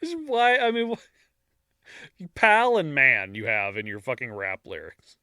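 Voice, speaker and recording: A man's voice: medium pitch, lively intonation, takes it slowly, bright, forceful tone, smooth, dry recording, studio quality. A man co-hosting a podcast who sets up clips for the listeners in casual banter. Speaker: podcast co-host.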